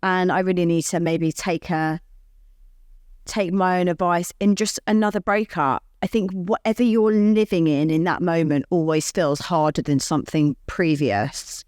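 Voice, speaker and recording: A woman's voice: on the low side, steady tone, moderate pace, darkish tone, dry recording, clean studio sound. A woman co-hosting a podcast, earnestly reassuring listeners in casual chat. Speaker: podcast co-host. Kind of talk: casual chat giving advice.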